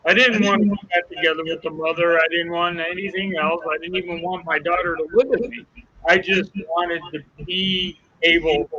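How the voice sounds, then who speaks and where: A man's voice: high voice, steady tone, moderate pace, pushed and bright, highs cut off. An older man, a guest, telling an emotional personal testimony, acting out the dialogue as he goes. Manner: earnest storyteller acting out dialogue.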